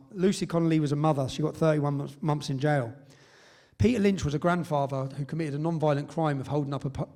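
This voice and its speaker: Emphatic English man with a high voice. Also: a little mellow. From England. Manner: emphatic, tags points with "yeah?". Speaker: speaker at a public event. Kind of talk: live storytelling speech.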